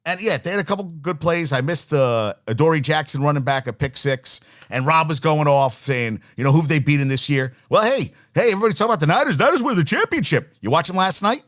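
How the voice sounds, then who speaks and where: A man's voice: fairly high pitch, animated, fast talker, few pauses, fairly bright tone. A man in his forties hosting a sports talk show, ranting with exasperation and swearing freely as he rattles off stats. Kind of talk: opinionated sports radio rant.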